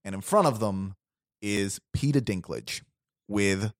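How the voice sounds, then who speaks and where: A man's voice: lowish voice, expressive, measured pace, no echo, studio quality. A man casually telling a made-up story to friends, rambling with restarts and quoting characters. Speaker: storyteller pitching a movie plot. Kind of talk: casual chat.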